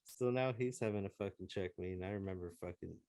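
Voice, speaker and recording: A man with a low, warm voice talks fast as a podcast co-host, casually sharing a crude, profane story with friends. Laughing, he acts out what others said, and the sound has no echo.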